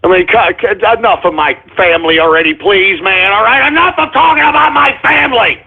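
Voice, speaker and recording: A man's voice: high-pitched, brisk, slightly rough. A man hosting a call-in radio show, grumbling and cursing in exasperation. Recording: tinny phone-like line.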